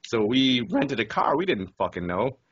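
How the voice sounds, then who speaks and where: A podcast co-host from the United States tells profane, animated stories in casual chat, swearing throughout. His voice is medium-pitched with a breathy edge, his speed normal, and the recording has a dull lo-fi sound.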